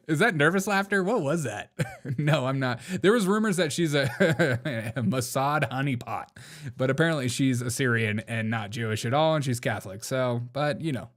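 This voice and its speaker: A man's voice: medium pitch, normal speed. A man hosting a commentary show, mocking clips with sarcastic remarks and frequent laughter. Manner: sarcastic, laughs often, teasing. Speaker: show host.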